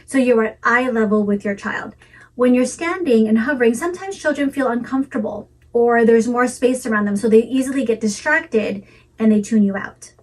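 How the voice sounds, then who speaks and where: A woman giving a calm, measured talk with practical tips for parents, in a melodic teaching delivery. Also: a little high, distant mic, rough recording. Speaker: parenting educator. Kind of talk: scripted instructional talk.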